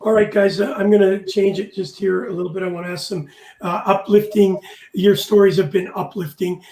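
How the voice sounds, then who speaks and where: Emotional high-voiced host in an echoey room. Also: male voice, fairly even intonation, fairly quick, darkish tone. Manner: emotional, heartfelt storytelling. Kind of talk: casual chat.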